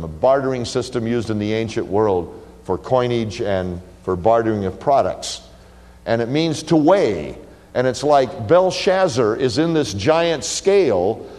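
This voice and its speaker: Animated male preacher in a reverberant hall. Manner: emphatic preaching, swinging from loud declarations to low quiet lines. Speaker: pastor. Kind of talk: sermon.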